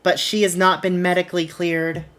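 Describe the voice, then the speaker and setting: A woman's voice: fairly low pitch, level tone, normal speed, fairly bright tone, close to an everyday voice. Woman playing a stern wrestling manager man. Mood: firm. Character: stern male wrestling manager, bossy and official.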